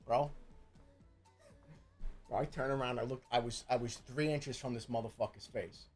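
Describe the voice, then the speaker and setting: A man's voice: mid-range voice, steady tone, moderate pace, darkish tone, faint music behind. A middle-aged man from Jersey City with a New Jersey accent, telling a profane story in casual chat, full of stammering restarts. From Jersey City, USA. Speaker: streamer host.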